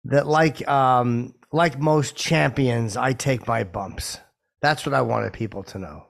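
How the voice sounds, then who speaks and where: A man's voice: mid-range voice, slow pace, gravelly. A man co-hosting a podcast, wry and mock-complaining in casual banter. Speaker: co-host.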